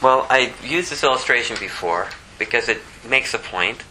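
A man's voice: moderate pace, pushed and bright, slight background noise, rough recording. A man preaching a sermon, his voice rising sharply when he gets emphatic. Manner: impassioned, pitch climbing sharply when emphatic.

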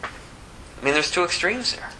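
A man preaching a conversational sermon, asking rhetorical questions and dropping low to act out quotes. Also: animated, measured pace, sharp tone, slight background noise, poor audio. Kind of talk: expository sermon.

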